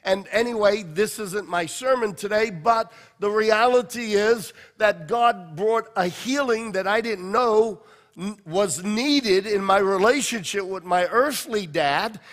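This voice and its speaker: A man's voice: high-pitched, measured pace. Passionate male pastor preaching in a reverberant hall. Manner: passionate storytelling preacher, swinging from loud to hushed. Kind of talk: sermon.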